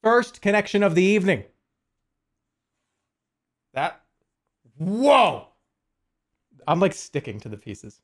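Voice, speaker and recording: A man in his forties speaks a little slowly in a high voice with big swings in pitch, leaving long pauses. He's joking and swearing with viewers on a casual stream while putting a puzzle together.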